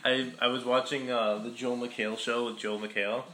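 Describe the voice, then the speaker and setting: Young man, podcast co-host, casual chat, laid-back, swears a lot, bright voice, echoey room. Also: medium pitch, little pitch movement, normal speed. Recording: echoey room with faint background noise.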